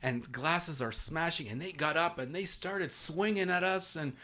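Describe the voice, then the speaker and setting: A middle-aged man with a Canadian East Coast accent, a podcast guest telling stories from his police career in a lively, halting way full of restarts. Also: a little high. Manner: animated storyteller with many restarts and laughs. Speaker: podcast guest, former SWAT sergeant. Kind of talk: casual storytelling.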